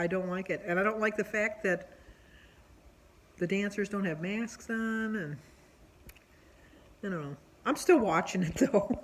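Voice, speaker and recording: A woman's voice: lowish voice, slight background noise, rough recording. Chatty woman vlogging at home. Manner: chatty, rambling, with many fillers. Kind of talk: casual diary vlog.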